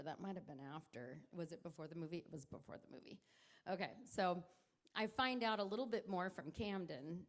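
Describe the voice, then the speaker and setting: A middle-aged woman speaks into a handheld mic at a wedding reception, giving a toast as the groom's mother. She rambles, laughs and tears up as she talks. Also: mid-range voice.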